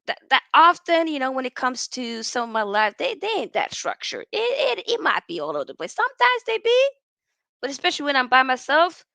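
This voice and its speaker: A woman hosting a casual football livestream, rambling and animated as she reads out chat and answers viewers. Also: sits high, brisk, creaky, hardly any pauses, dry recording. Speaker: football channel host.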